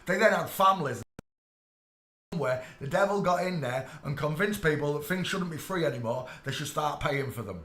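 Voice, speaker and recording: An English man ranting on a live stream, preachy and irate, swearing and bursting into shouts at his chat. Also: a little high, lively intonation, normal speed, echoey room.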